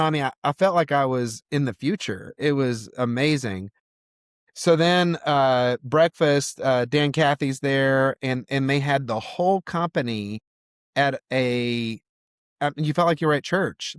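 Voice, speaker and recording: A man's voice: medium pitch, clear, resonant tone, no room sound. Guy from georgia telling a story on a podcast, lots of uh and like, dry close sound. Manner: casual storyteller with many fillers. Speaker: podcast guest. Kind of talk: storytelling in a conversation.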